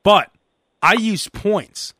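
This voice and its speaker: A man's voice: sits high, drawn-out words, breathy edge, no room sound. A man hosting a podcast, telling a casual story with lots of laughter and acted-out voices of the people in it. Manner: animated, mimics people in his stories, laughs a lot. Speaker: podcast host.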